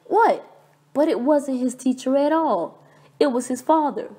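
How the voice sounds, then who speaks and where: A woman reading a children's picture book aloud in a clear, expressive, deliberate way. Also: high-pitched. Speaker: storybook reader. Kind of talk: children's read-aloud narration.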